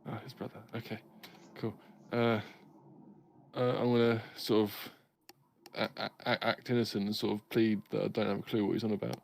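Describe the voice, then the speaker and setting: A man's voice: on the low side, level tone, moderate pace, vocal fry. A man playing a tabletop game, uncertain and hesitant. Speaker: player. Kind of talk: casual tabletop play.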